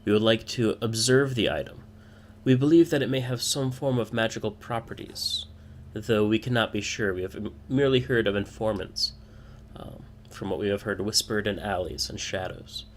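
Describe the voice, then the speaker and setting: A man voicing a formal male patron who hands out a job in a tavern, speaking in a measured, stiff way. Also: lowish voice, a little hiss or hum, close to an everyday voice.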